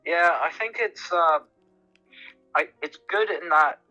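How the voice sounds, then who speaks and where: Brief: young male podcast guest, very bright sharp voice, halting casual talk, faint music behind. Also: a little high, lo-fi sound. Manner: hesitant, restarts, stammering. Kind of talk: casual podcast chat about films.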